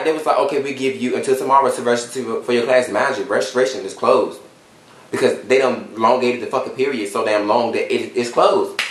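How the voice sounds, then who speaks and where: A man in his twenties talks straight to his viewers, telling a story. He is animated and swears freely, using slang, at an ordinary middle pitch. The room gives his voice a noticeable echo. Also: distant mic. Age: 20s. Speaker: YouTuber. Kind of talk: casual storytime vlog. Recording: roomy echo.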